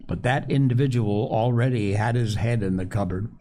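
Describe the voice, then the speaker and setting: A man reading a classic children's story aloud, in an unhurried, expressive way. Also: mid-range voice. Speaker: narrator.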